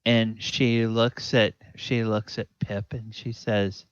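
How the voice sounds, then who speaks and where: Slow, low-voiced dungeon master. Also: male voice, little pitch movement, clear, resonant tone, no room sound. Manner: hesitant, many fillers. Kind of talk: narrating a tabletop game. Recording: dull lo-fi, dry sound.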